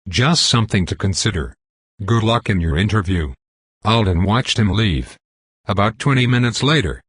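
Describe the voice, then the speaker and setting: A man narrating a comic story aloud in a steady, even delivery. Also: fairly low pitch, husky, dry recording.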